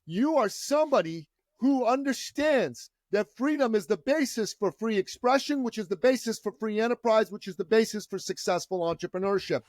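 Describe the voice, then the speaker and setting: A man's voice: high-pitched, animated, normal speed, hardly any pauses, darkish tone, no echo, clean studio sound. A man from Iran, a guest on a podcast, telling his story with a fervent, preacher-like delivery. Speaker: entrepreneur guest.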